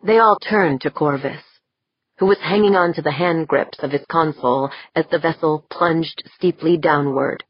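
A woman narrating a science-fiction audiobook in a measured, steady storytelling manner. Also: low voice, husky, no echo. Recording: slightly dull, dry audiobook recording.

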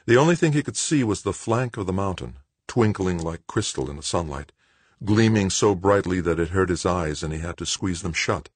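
Brief: low-voiced male narrator, dry studio read, measured. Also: expressive, dry recording. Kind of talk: audiobook narration.

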